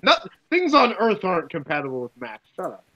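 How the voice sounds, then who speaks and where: A man's voice: high voice, huge pitch swings, brisk, highs cut off, crowd noise. A man co-hosting a podcast in casual banter, joking, swearing and laughing often. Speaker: podcast co-host.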